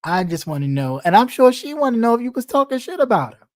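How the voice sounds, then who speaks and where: Brief: gossip commentator, middle-pitched, blunt and cussing, teasing tone, close dry mic. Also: sing-song, fast talker, no echo. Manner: blunt, profane and teasing, laughs often. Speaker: online commentator.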